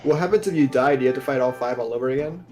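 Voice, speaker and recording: A man with a middling voice in a group game playthrough, asking questions and making sarcastic remarks. Game music is clearly audible behind him. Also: mid-range voice, very fast, a little mellow. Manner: sarcastic, quizzing. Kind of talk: casual gameplay commentary.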